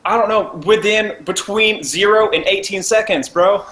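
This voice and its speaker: A man's voice: high voice, moderate pace, fairly bright tone. A man playing a tabletop game, arguing heatedly in character, defensive and stammering. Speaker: player. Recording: echoey room with faint noise.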